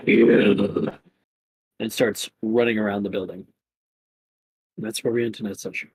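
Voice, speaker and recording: A man narrating as game master for a tabletop game, slow storytelling with stammering restarts. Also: fairly low pitch, breathy edge, rough recording.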